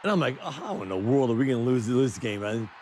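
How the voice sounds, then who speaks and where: A man's voice: medium pitch, lively intonation, quick pace, a little mellow, a little hiss or hum. Man telling locker room stories. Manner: laughing often, quoting others in different voices. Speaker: former teammate telling stories. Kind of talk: animated anecdote telling.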